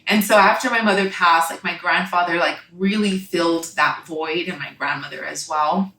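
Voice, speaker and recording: A woman's voice: fairly low pitch, bright, forceful tone. Reflective young woman, echoey room. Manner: halting and reflective, frequent "like" and "you know". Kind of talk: personal storytelling.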